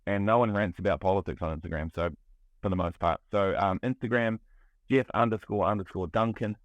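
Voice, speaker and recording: Low-voiced New man, candid. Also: fairly quick, no room sound, dull audio. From New Zealand. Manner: candid, restless, heavy on fillers and restarts. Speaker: guest, music producer. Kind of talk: casual podcast conversation.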